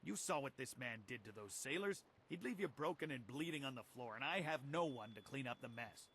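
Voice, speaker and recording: A pompous tea house owner who is always half drunk. He talks down to everyone in a smug, sarcastic drawl, at a middling pitch, from a story-driven video game. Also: expressive, fairly quick, fairly bright tone, slight background noise. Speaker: game character.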